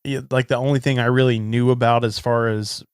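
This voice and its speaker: A man's voice: mid-range voice, steady tone, brisk, clean tone, dry recording, clean studio sound. A young man hosting a recovery podcast, talking in an earnest, conversational way. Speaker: podcast host. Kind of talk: casual chat.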